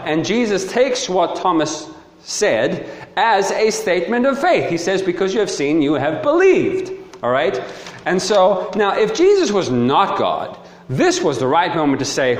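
A man with a fairly high voice preaches a sermon, reading scripture and arguing his point emphatically and energetically, punctuated by short laughs. He speaks unhurriedly, and the echoey hall adds long reverb.

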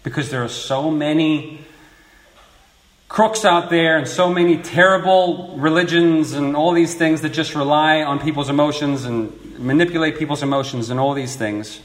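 A man's voice: on the high side, normal speed. Earnest male preacher in an echoey room. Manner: earnest expository preaching with rising emphasis. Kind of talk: sermon. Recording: echoey room with faint noise.

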